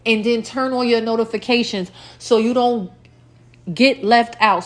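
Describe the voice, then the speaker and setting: A woman's voice: on the high side, steady tone, unhurried. A woman hosting her own podcast in a rambling, casual solo chat, with lots of fillers and repeated lines, her mouth a little dry. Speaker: podcast host.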